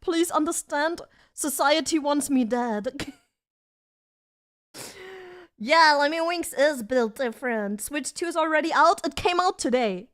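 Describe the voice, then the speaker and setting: A bubbly young woman with a high, bright voice chats casually on a live stream, giggling often and reacting to her viewers. She sits at her home desk and talks straight into a desk mic. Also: lively intonation, unhurried, long pauses. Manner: bubbly, giggly, reads chat aloud. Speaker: vtuber streamer.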